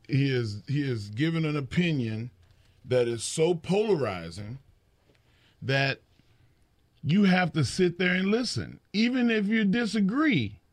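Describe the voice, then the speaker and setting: A middle-aged man talking in a casual chat, his pitch rising and falling a lot as he acts out what others said. He often stumbles and repeats words at the start. The sound is close and dry, with no room echo. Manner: animated storyteller, acts out quotes, repeats words. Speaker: wrestling podcast co-host.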